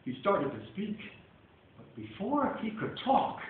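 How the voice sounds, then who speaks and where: A man reading a rhyming children's story aloud with a playful, animated delivery. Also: high voice, unhurried. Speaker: storybook reader. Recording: tinny, echoey, distant recording.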